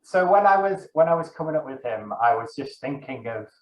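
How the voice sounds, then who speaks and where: A man's voice: medium pitch, animated, fairly quick. A young man, a dungeon master, chatting casually as an interview guest in a rambling way, correcting himself and filling gaps with ums. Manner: rambling, self-correcting, many fillers. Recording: echoey, dull lo-fi room sound.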